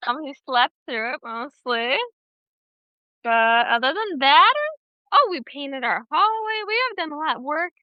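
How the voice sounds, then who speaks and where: A woman's voice: high voice, lively intonation, measured pace, dry recording. A young woman co-hosting a podcast, chatting casually and rambling through her stories with frequent self-corrections. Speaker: podcast co-host. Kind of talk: casual chat. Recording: dry, slightly dull remote audio.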